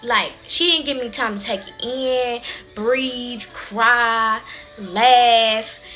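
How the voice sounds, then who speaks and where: A young woman speaking tells her story to viewers in a lively, chatty way, calling them y'all. Her voice is bright and clear, pitched a bit high, with soft music playing underneath. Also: extremely slow. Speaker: vlogger.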